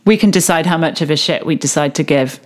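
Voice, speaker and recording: A woman's voice: deep voice, quick pace. Woman in her 30s, candid chatty podcast co-host, laughs easily. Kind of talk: casual chat about reality TV.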